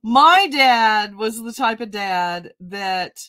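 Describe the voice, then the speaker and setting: A woman's voice: on the high side, expressive, slow, bright, forceful tone, dry recording. A middle-aged woman hosting a crafting show, chatting casually and telling folksy stories. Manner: chatty, storytelling, folksy turns of phrase. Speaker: host.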